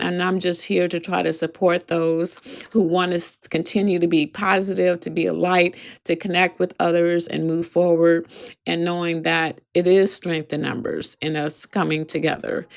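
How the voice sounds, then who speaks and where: Woman in her 40s, low gravelly voice, earnest heartfelt podcast story, voice cracking a bit. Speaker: podcast host. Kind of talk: reflective solo podcast storytelling.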